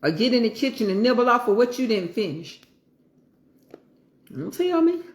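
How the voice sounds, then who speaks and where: Here the cooking vlogger, a middle-aged woman, talks at normal speed while she eats, her voice on the high side with big swings in pitch. The sound is roomy, and her chatter carries folksy, preachy digressions.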